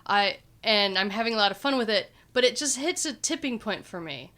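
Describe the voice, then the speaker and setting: A woman's voice: medium pitch, animated, fairly quick, bright, forceful tone. A woman in casual podcast chat, talking through her mixed feelings in a reflective way. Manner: reflective, conflicted.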